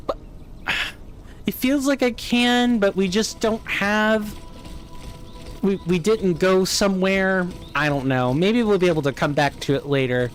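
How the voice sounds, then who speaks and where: A man's voice: high voice, slight background noise. A man with a General American accent, chatting casually with viewers while streaming a game, musing and answering chat aloud. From United States. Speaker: let's play streamer. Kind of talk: casual live gameplay chat.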